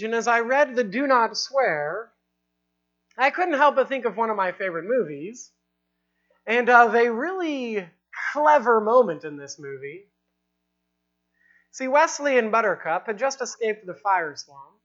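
A woman's voice: a little high, fairly bright tone. Earnest woman preaching, dull lo-fi sound. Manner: emphatic, repeating lines for effect; ends in prayer with slow, drawn-out phrasing. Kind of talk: sermon. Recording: dull, lo-fi recording.

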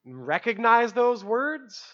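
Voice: medium pitch, very animated, slow pace, a bit bright, dull audio. A preacher giving an expository sermon in a conversational way, asking rhetorical questions and using casual fillers.

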